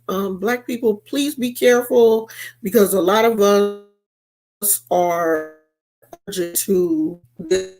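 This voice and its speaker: A woman's voice: medium pitch, darkish tone. A woman telling a story in a casual, sassy rant. She is emphatic and acts out the people she quotes in raised voices. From United States. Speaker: vlogger. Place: California.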